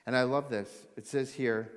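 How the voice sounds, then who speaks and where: A man preaching a sermon, animated, swinging between loud excitement and hushed intensity. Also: medium pitch, normal speed. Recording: long hall reverb.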